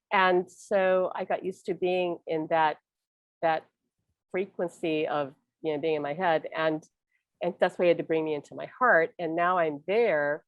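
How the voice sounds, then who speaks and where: A woman's voice: fairly low pitch, dry recording. A middle-aged woman hosting a casual spiritual chat, talking earnestly and rambling with restarts. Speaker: host.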